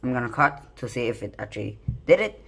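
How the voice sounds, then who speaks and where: A man's voice: mid-range voice, expressive, a little fast, vocal fry, a bit bright, a little hiss or hum. A man in a home kitchen chatting casually into his phone as he shows how to make iced coffee. He jokes about himself and rambles with many restarts. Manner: joking, self-deprecating, rambling with restarts. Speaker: home cooking vlogger.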